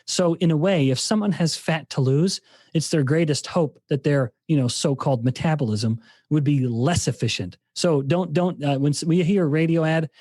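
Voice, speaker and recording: A man's voice: on the high side, normal speed, a little mellow, no echo, clean studio sound. A man who is a scientist, talking through ideas in a podcast interview, often restarting his sentences as he thinks. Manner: explanatory, thinks aloud with many restarts. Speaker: scientist and guest.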